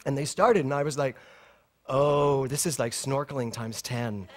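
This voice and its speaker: A middle-aged male minister with a mid-range voice delivers a sermon at a spiritual center at normal speed, over some background noise. He tells a personal story in an animated way, laughing often and acting out the dialogue.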